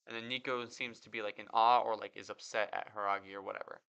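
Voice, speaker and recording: A male podcast host talks through a manga chapter in a relaxed, offhand way, stopping to read each panel aloud before weighing in. His voice is bright and forward, with a clean, crisp tone. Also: fairly low pitch, quick pace, lo-fi sound. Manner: reads out translated panels, then comments. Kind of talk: casual manga reaction commentary.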